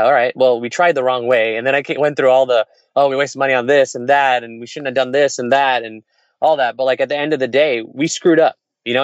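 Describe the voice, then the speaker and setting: Man, fast candid storyteller, dry close sound, dull lo-fi audio. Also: mid-range voice, no room sound. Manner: candid, fast, with restarts and quoted dialogue. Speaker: entrepreneur guest. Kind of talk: casual conversational storytelling.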